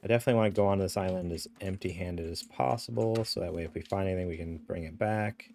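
Guy from upstate ny streaming a game, low gravelly voice, narrates everything he does. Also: quick pace, darkish tone, a little hiss or hum. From upstate New York. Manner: chatty, narrates what he reads and does. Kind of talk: casual gameplay chat.

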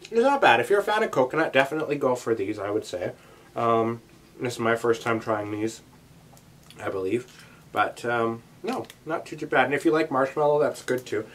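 Speaking at a moderate pace in an expressive mid-range voice, a young man chats casually to camera during a taste-test vlog. He rambles and wanders into many asides, with slight noise in the background.

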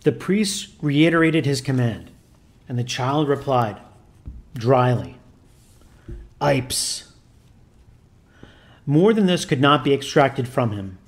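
A man's voice: medium pitch, a little mellow. Solemn male storyteller. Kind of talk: scripted narration.

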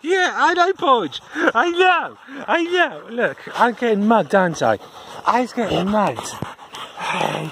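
A woman narrates her dog walk in a high, bouncy voice that climbs and drops as she coos at the dogs. She talks at an unhurried pace, chuckling between lines, with a faint hiss under the recording. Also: sing-song. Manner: coos and chuckles at dogs in sing-song baby talk. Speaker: dog walker. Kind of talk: chatty video diary talking to dogs.

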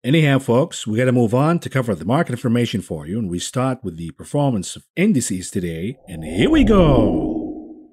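A man's voice: medium pitch, expressive, fairly quick, few pauses, darkish tone, breathy edge. A man hosting a finance show, delivering a combative, sarcastic market commentary monologue.

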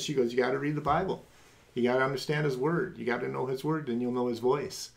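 A middle-aged podcast host shares a personal faith testimony, talking quickly with vocal fry. He's animated, acting out other people's voices with big jumps in pitch.

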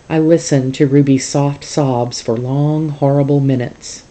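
A teacher reading a novel aloud to a class in a calm, steady storytelling manner. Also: mid-range voice, a little slow, hardly any pauses.

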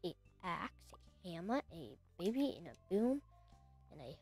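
A woman streaming a video game, chatting casually and talking to the characters on screen with sudden excited exclamations. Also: fairly low pitch, unhurried, slightly rough, faint music behind. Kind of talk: casual gameplay commentary.

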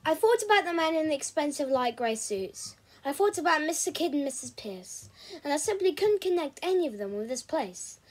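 A woman reading a novel aloud chapter by chapter, in a steady, measured storybook way. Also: high-pitched, poor audio. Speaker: reader.

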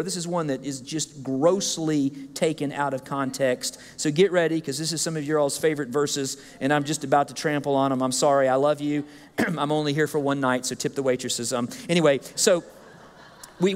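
Male preacher, high-pitched and animated, jokey, lively sermon delivery, church hall reverb. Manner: animated, jokey, acts out listeners' complaints. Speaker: guest speaker. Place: church sanctuary.

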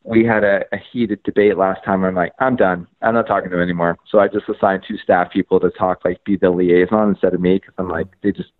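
A man telling his story as a podcast guest, animated, acting out conversations and using lots of "like" and "um". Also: low voice, fairly quick, hardly any pauses, phone-quality sound. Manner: frequent fillers like "like" and "um". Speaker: podcast guest, media outlet founder.

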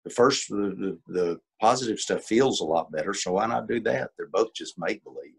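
A man's voice: lowish voice, moderate pace, creaky, husky. An older man leading a coaching webinar, explaining in a folksy way with acted-out examples over a video call. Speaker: coach and workshop leader. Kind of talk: teaching a webinar.

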